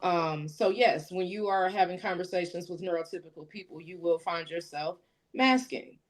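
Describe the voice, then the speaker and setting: A woman explaining in a measured, steady way during a casual podcast discussion. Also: on the low side.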